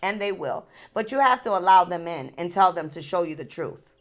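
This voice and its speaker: A woman's voice: lowish voice, animated, brisk. A woman hosting a spiritual vlog, talking straight to her viewers, laughing between thoughts and repeating herself, tearful and angry. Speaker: spiritual channel host. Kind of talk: emotional direct-to-camera vlog.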